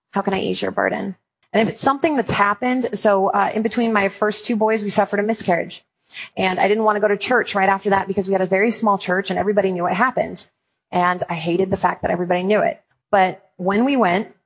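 A woman, giving a talk to a Christian audience and telling lively stories with playful humor. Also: medium pitch, vocal fry, breathy edge, poor audio. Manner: animated storytelling with playful humor. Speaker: Christian speaker on apologetics and parenting.

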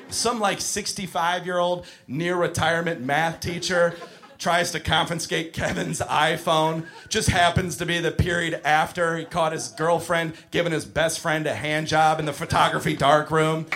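A man's voice: on the high side, fairly even intonation, measured pace, a bit bright. A man doing stand-up comedy in an exasperated, profane ranting manner.

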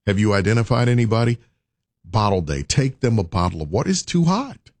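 Radio guy going on and on urging listeners, kinda low voice, pitch jumps all over. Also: very animated, fairly quick, darkish tone, no room sound. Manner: urging, preacher-like repetition. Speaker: radio host. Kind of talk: morning radio talk.

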